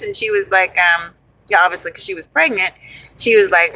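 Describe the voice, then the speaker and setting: Bright-voiced woman telling a profane story. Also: medium pitch, brisk, poor audio. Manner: animated, profane, addresses listeners as honey and y'all. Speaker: storyteller host. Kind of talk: casual storytelling.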